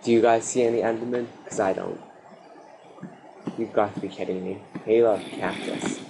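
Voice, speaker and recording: Man, low voice, gaming commentary, excitable outbursts, noisy recording. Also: normal speed. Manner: excitable, yelling at mobs, frequent outbursts. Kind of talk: Minecraft let's play commentary.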